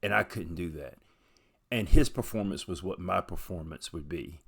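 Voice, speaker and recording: A man's voice: low-pitched, moderate pace, gravelly, fairly bright tone, slightly rough. A man from Southern Appalachia talking frankly through his opinions, thinking aloud as he goes in a casual commentary. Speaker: video host.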